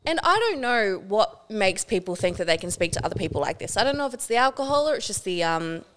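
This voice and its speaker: A woman's voice: medium pitch, quick pace, slight background noise. A young woman co-hosting a casual podcast, telling a work story with lots of swearing and acted-out quotes. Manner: animated storytelling, swears freely, acts out quotes. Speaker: podcast co-host.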